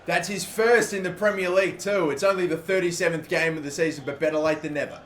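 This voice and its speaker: Excitable swearing man, gameplay commentary. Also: fairly high pitch, quick pace. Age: 20s. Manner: excitable, swears often, swings from shouting to muttering. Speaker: gaming YouTuber. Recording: echoey room with faint background noise.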